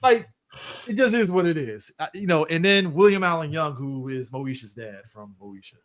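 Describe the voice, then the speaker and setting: A man in his thirties co-hosting a podcast, chatting casually with an expressive delivery. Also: fairly quick. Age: 30s. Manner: expressive, swoops in pitch, drawls some words. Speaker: podcast co-host. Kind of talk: casual chat.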